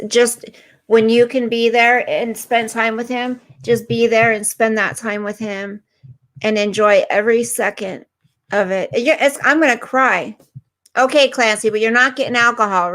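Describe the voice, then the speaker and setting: Hosting a laid-back livestream, a woman reads out viewer comments and answers each person by name in a chatty way. Her voice is a bit high and a bit bright, her tone steady, her pace slightly slow, and she comes across as worn out and ill.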